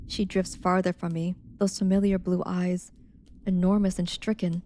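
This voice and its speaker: A woman livestreaming, chatting casually with her viewers and reading a novel aloud, soft-spoken and slipping into whispers now and then. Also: on the low side, flat delivery, normal speed, a little hiss or hum. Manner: chatty with viewers, reads steadily.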